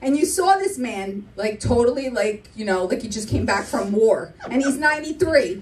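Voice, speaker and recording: A young woman doing stand-up in a comedy club, her voice high and swooping all over as she acts out her relatives in quick bursts. She sounds a bit off the mic, with some distance in the sound. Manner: animated, acts out family members in quick impressions.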